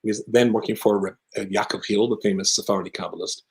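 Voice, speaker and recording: A man with a British accent, a rabbi telling a long personal story in conversation, with lively asides. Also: on the low side, fast, gravelly, rough recording. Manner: animated anecdotal storyteller with asides.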